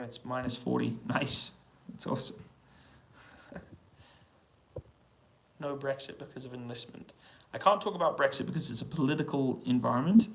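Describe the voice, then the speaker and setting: A British man talks in a relaxed, hushed way, reading out and answering questions from his stream chat. His voice sits at an ordinary pitch and has a gravelly, fried texture. A faint hiss runs under the recording in a small hotel room. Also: low-quality recording. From United Kingdom. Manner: relaxed, quiet voice to avoid waking neighbours. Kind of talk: casual live-stream chat. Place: hotel room on an army base.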